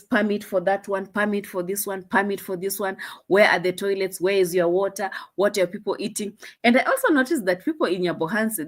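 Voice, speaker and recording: A young Kenyan woman with a Kenyan accent, chatting in a casual commentary vlog in a mocking tone, laughing often. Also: medium pitch. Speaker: vlogger.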